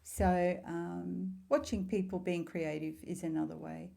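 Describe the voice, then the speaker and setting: A middle-aged woman talking casually to camera as a spiritual vlogger, telling stories in a heartfelt, rambling way with warm asides. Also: fairly low pitch, fairly even intonation, a little slow, vocal fry.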